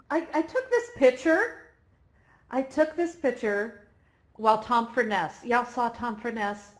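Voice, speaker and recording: A woman's voice: on the high side, fairly bright tone. A woman hosting a live virtual reality event, chatty and emotional, close to tears. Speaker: event host.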